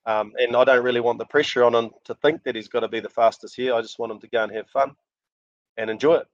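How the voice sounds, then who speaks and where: A man's voice: mid-range voice, fast, dry recording. A middle-aged man with a New Zealand accent, a rally driver telling stories as the guest in a casual podcast interview, laughing often. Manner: animated storyteller, laughs often. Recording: dull lo-fi dry sound.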